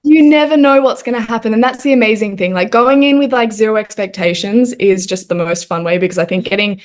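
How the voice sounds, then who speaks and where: A woman's voice: medium pitch, quick pace. Upbeat young Australian woman. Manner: gushing, upbeat, heavy use of "like". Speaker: podcast guest. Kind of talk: casual chat. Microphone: video call.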